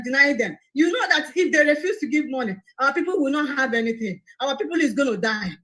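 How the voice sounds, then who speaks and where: A woman's voice: high voice, a bit bright, low-quality recording. A woman making an impassioned, pleading appeal on a live broadcast, indignant and repeating herself.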